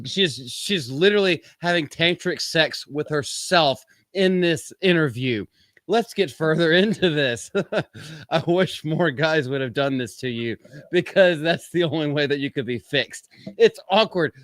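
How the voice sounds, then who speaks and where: A fairly high, a bit bright male voice with no echo belongs to a podcast host running a live-stream commentary show. He reads quotes aloud, then cuts in with sarcastic asides and a profane, mocking rant.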